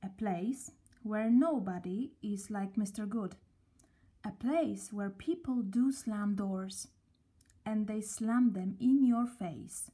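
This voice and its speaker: A woman reading a children's story aloud, gently and at a slow, storybook pace. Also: mid-range voice, breathy edge.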